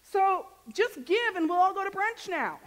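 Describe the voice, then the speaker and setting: A woman minister delivers a relaxed, joking sermon, often turning to her congregation with questions. Her voice sits high, and her talk is loose and conversational rather than formal. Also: a little slow, slight background noise, rough recording. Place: church sanctuary.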